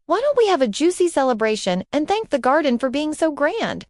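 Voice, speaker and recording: A cheerful apple boy from a children's storybook, as a woman puts him on rallies his friends in an upbeat, encouraging way. The voice is high and lively. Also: fairly quick, no echo, studio quality.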